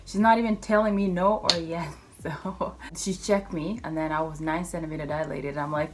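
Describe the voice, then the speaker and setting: A woman's voice: low-pitched, brisk, hardly any pauses, slight background noise. A young woman telling a personal story in a casual vlog. She acts out the voices of the people in her story and speaks loosely worded English. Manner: English not fully fluent, loose grammar. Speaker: vlogger.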